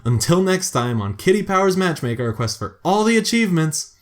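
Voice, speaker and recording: A man hosting a casual let's-play, talking through his moves in a chatty, self-mocking way with excitable bursts. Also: sits high, brisk. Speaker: gaming video host.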